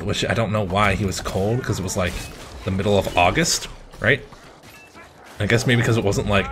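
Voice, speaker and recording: A man playing a video game and commenting as he plays, swearing and shouting at the game, then rambling through a story. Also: lowish voice, background noise. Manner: profane, excitable outbursts at the game; chatty, rambling anecdotes. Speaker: gamer.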